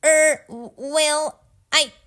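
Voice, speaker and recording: A young boy, earnest and quick to feel hard done by, with a raised, childish pitch, put on by a woman reading aloud. He speaks slowly and plaintively, pleading his case. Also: lively intonation, sharp tone, exaggerated voice. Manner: pleading and indignant.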